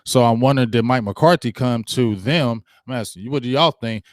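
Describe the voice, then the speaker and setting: Sports host, male, animated and chatty, dry close-miked live-stream sound. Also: medium pitch, a little fast, few pauses, dry recording. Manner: animated, acts out quoted coaches, talks to viewers.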